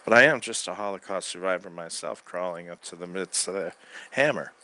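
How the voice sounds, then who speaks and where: A man delivering a rambling spoken-word monologue from his bed into a microphone, swinging between loud outbursts and quiet mutters. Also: low voice, a little fast. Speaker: recording artist. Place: bedroom.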